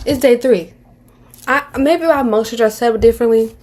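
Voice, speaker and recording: Young woman in her twenties, slangy reality-show commentary, candid, rambling, slightly high voice. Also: brisk, a little mellow. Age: 20s. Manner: candid and slangy, drops into mocking impressions; rambling with frequent restarts.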